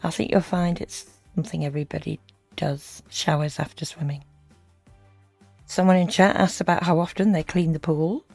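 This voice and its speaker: Low, gravelly-voiced woman commentator. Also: steady tone, normal speed, a little mellow, soft background music. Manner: dry, wry asides. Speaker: reaction video commentator. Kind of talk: commentary over a played stream.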